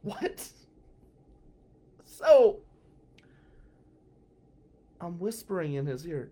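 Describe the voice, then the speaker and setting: A man telling a first-person anecdote, swinging from hushed asides to loud outbursts. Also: high-pitched, very animated, a little slow, long pauses, slight background noise. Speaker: storyteller.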